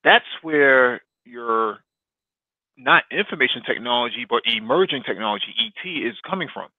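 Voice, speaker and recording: A podcast co-host on a casual show about economics and technology explains things at length, full of fillers and restarts. His mid-range voice is animated and moves at a normal speed. The recording has no echo and sounds like a dry, tinny phone line.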